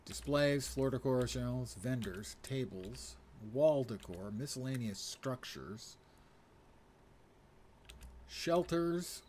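A man's voice: mid-range voice, expressive, slow, a little mellow, slight background noise. A middle-aged man streaming a game, casually thinking aloud as he reads menu items. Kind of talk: casual live gameplay commentary.

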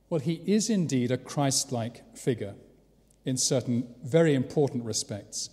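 English preacher with wry asides. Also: male voice, mid-range voice, darkish tone. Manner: conversational with rhetorical questions and wry asides. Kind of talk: sermon. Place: large church. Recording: long church reverb.

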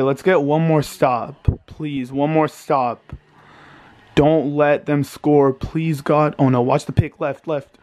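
High-voiced anxious young man, pleading. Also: a little mellow. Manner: anxious, pleading, swearing, swings between panic and groans. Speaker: vlogger reacting to a basketball game. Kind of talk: live sports reaction. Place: home, indoors. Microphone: handheld camera.

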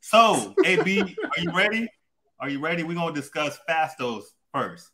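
A man's voice: on the high side, expressive, normal speed, pushed and bright. A man co-hosting a casual comic-book chat in teasing, jokey banter.

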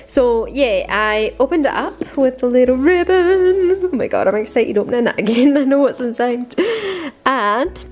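A woman's voice: high voice, animated, moderate pace, lo-fi sound. A British woman in her twenties chatting casually to camera in a vlog, gushing and full of fillers. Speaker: vlogger. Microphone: handheld camera.

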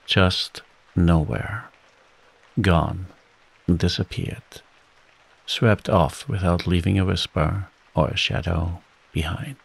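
A soft-spoken man reads a bedtime story in a calm, measured way. His voice sits very low and takes its time. There is a husky, gravelly grain to it. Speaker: audiobook narrator.

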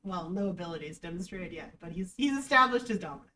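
A woman dog trainer giving casual reaction commentary, animated and sarcastic, often breaking into laughter. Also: on the low side, rapid-fire, few pauses, far from the mic, a little hiss or hum, poor audio.

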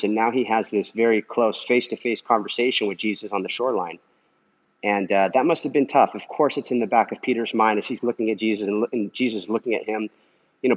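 Husky man, earnest casual encouragement. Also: lowish voice. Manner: earnest and conversational, full of "man" and "you know"; talking while walking. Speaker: Christian vlogger answering a viewer comment. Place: indoor pool area. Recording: dull lo-fi recording.

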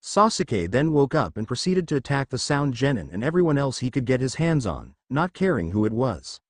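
A man reading fanfiction aloud as a narrator, in a steady read-aloud delivery. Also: medium pitch, moderate pace, no echo, clean studio sound.

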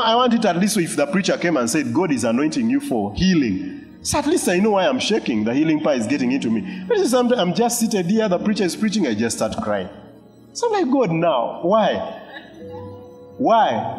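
A man preaches a sermon in a long-reverb church hall. He tells a personal story animatedly, voicing other people and adding asides, then drops to quiet, earnest teaching. Faint music sits in the background. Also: mid-range voice. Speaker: pastor.

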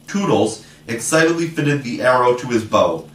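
A man reading a classic children's story aloud in a measured, expressive way. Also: mid-range voice, distant mic. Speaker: audiobook reader. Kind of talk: storybook narration. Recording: echoey room, voice from afar.

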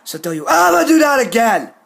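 A man ranting to his phone camera in a vlog, scolding and repeating himself slowly and emphatically. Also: very high-pitched, sing-song, vocal fry, a bit bright. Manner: repetitive, scolding, slow and emphatic. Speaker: video uploader. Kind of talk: angry vlog rant to camera.

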